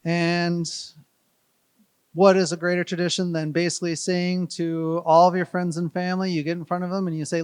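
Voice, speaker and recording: Smooth-voiced man giving a joking toast. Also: high-pitched, level tone, moderate pace, dry recording. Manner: playful, joking, rambling asides. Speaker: wedding guest giving a toast. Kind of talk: humorous wedding speech. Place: wedding reception.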